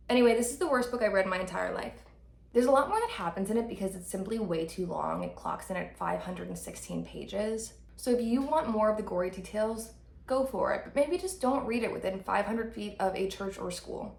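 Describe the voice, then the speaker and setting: Woman, book reviewer, irreverent, creaky, roomy sound. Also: mid-range voice, animated, fairly quick, a little mellow. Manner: sarcastic, irreverent. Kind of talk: casual book recap. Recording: echoey room.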